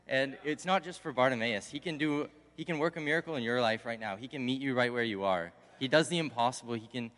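A young man, a college intern, giving a casual, conversational sermon. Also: fairly low pitch. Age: young adult. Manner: conversational, animated when acting out the crowd. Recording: long hall reverb.

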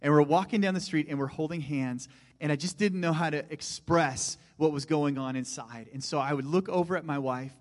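A middle-aged man preaching a sermon, animated, moving between loud emphasis and hushed asides. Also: a little high, fairly quick. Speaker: pastor. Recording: long hall reverb.

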